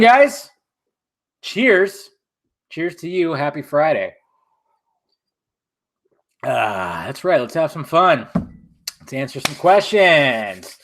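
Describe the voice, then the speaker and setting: A man's voice: a little high, a bit bright. Chatty young man hosting a live stream. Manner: laid-back, chatty, swears casually. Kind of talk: casual live-stream chat, reading viewer comments.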